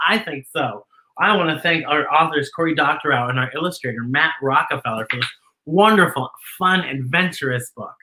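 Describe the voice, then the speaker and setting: A woman hosting a children's storytime show, reading a picture book aloud in an animated, sing-song way and talking to the kids at home. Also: on the low side, echoey room.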